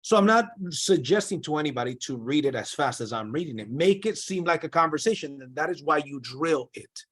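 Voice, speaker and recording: Male sales coach with a slightly higher voice, giving emphatic, direct motivational training over a video call. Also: expressive, a little fast, few pauses, fairly bright tone, slightly rough.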